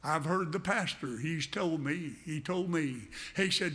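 A man preaches a sermon with a high, bright and forceful voice. He speaks fervently and directly to the congregation, driving points home by repeating his phrases. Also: a little slow, few pauses.

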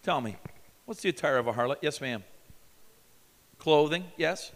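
A man preaching a sermon at a youth camp, emphatic, questioning his listeners and swinging from loud to hushed. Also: fairly high pitch, lively intonation, moderate pace. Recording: long hall reverb.

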